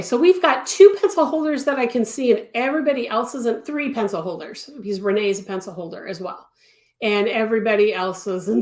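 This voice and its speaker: A chatty woman giving a live crochet lesson from her home studio, answering viewers and stacking words for emphasis. Her voice sits mid-range and carries a clear echo of the room around her. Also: medium pitch. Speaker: crochet teacher. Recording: echoey room.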